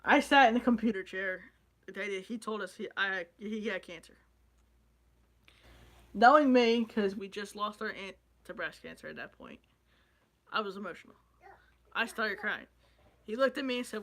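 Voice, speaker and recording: A man's voice: sits high, normal speed, pauses often, a bit bright. A young man vlogging in an emotional, rambling way, swearing freely as he talks about loss and his dreams. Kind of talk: emotional casual vlog talk.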